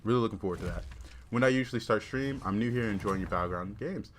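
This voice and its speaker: A man's voice: on the low side, quick pace, slight background noise. A young man casually chatting with his chat while playing and commenting on a card game. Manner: laid-back, chatty, reads and answers chat while playing. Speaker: streamer.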